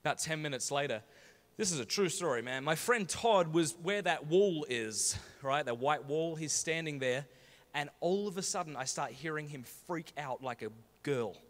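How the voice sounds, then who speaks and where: Lively Australian man telling jokey stories. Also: a little high, moderate pace. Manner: animated, jokey, uses Aussie slang. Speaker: conference speaker. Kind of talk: humorous storytelling talk. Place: large conference hall. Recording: echoey large hall.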